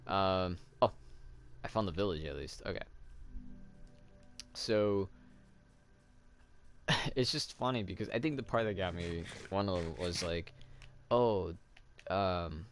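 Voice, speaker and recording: A man's voice: deep voice, vocal fry, slight background noise. A man casually chatting while playing a game, rambling with lots of fillers and little laughs. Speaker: let's play host. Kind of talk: casual gameplay commentary.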